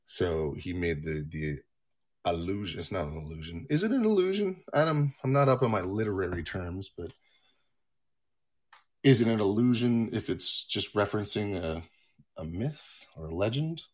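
Male streamer, low husky voice, rambling profane monologue from home. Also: animated, normal speed. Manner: rambling, profane, self-mocking. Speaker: livestream host.

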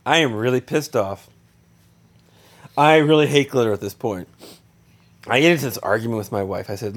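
A man in his thirties casually telling a funny story, animated and exasperated, jumping up high for punchlines. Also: a little fast. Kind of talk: casual anecdote.

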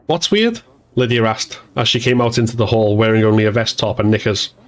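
A man narrating an audiobook in an even, measured storytelling voice. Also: on the low side.

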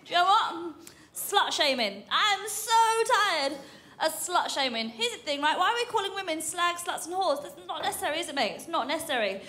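Brash high-voiced comedian woman. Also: expressive, a little fast, sharp tone. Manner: brash, punchy, swears freely. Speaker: stand-up comedian. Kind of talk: stand-up routine. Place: comedy club stage with audience. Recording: live stage recording with audience noise.

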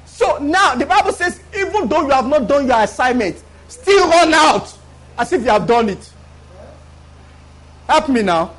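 Preacher, male, very high voice, call-and-response delivery to a church congregation, emphatic repeats. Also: expressive, normal speed, pauses often, fairly bright tone. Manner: preaches with call-and-response, often asking the congregation if they follow. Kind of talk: live sermon.

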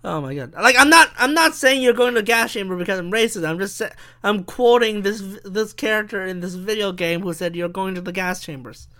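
A young man with a high, bright, crisp voice talks alone on his podcast. He rambles from thought to thought, swears freely and keeps stopping to restart his sentences. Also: a little fast, hardly any pauses. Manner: rambling, profane, self-interrupting. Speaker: podcast host. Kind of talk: rambling solo podcast monologue.

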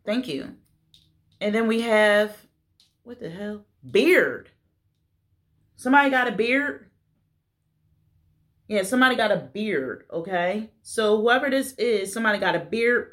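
A woman's voice: medium pitch, a bit bright. A woman gives a casual tarot reading. She talks blunt and playful, cussing now and then as she reads. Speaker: tarot reader.

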